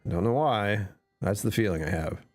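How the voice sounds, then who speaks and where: A man's voice: on the low side, expressive, normal speed, soft background music. A man streamer chatting casually with his live chat, answering comments and laughing often.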